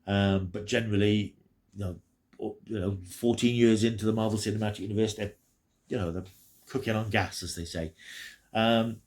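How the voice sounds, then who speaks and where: A man's voice: on the low side, fairly even intonation, moderate pace, darkish tone. A man giving a chatty, rambling, enthusiastic spoken review as a video host. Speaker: YouTube reviewer.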